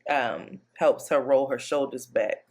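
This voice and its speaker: A woman's voice: extremely low pitch, measured pace, darkish tone, breathy edge. A woman co-hosting a podcast in casual chat, talking in a slangy, playful, emphatic way. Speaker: podcast co-host.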